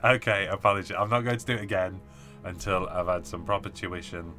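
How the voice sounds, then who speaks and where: A man's voice: deep voice, little pitch movement, a little fast, over music. A man hosting a casual live stream, chatting, laughing often and reading viewer comments aloud. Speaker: host reading live chat.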